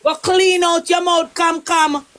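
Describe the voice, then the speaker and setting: A Jamaican woman with a high voice, ranting in patois and scolding someone over and over. Her delivery is repetitive and cutting. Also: level tone, takes it slowly, a bit bright. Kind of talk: heated gossip chat in patois.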